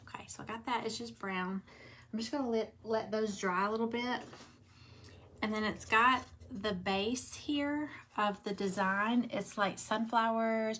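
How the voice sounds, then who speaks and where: A middle-aged woman with a Southern drawl chats at a relaxed, slow pace while working on a craft project. She rambles between thoughts and greets viewers by name, with a faint hiss in the background. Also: medium pitch. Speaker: craft livestream host. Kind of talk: casual livestream chat while crafting.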